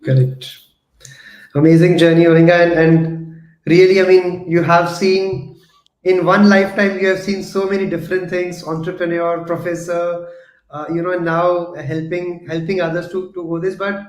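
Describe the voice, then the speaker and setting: Halting male host in an echoey room. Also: sits high, flat delivery. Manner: halting, repeats words as he builds a question. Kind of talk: interview host questions.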